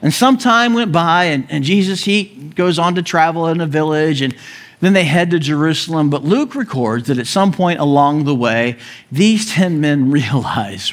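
A male pastor preaches with a high, light voice. He tells the story with animated energy, slips into character voices and chuckles along the way. His delivery swings from lively to hushed. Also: normal speed. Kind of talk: sermon.

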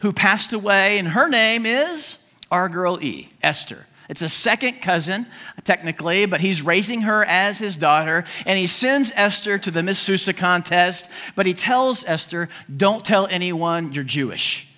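A man preaching with a high voice and a bright, forceful edge. He tells the old story in an animated, joking way and keeps dropping modern asides. It sounds like a lively sermon. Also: normal speed. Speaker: pastor.

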